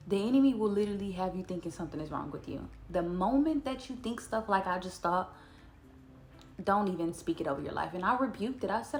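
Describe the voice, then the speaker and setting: A woman, chatting earnestly about scripture and slowing down to read verses aloud. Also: fairly low pitch, faint music behind. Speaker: Bible study vlogger. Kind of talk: casual devotional talk to camera.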